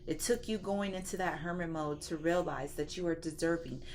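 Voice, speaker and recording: A woman's voice: deep voice, normal speed, darkish tone, a little hiss or hum. A woman giving a casual spiritual tarot reading in a preachy, slangy and profane manner. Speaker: tarot reader.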